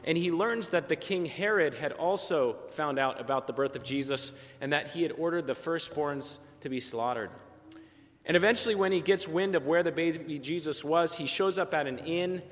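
Pastor telling a story in a reverberant church. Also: male voice, a little high, moderate pace, a bit bright. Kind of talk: sermon storytelling.

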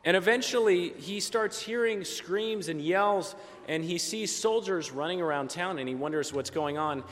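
A man preaching a Christmas sermon, telling a story gently and dropping softer for quieted moments. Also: high voice, normal speed. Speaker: pastor. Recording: long church reverb.

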